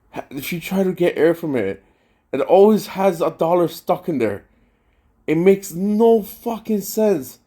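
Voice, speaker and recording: A man telling a rambling, profane story in a casual vlog rant, full of slang and excited outbursts. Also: fairly high pitch. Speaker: vlogger.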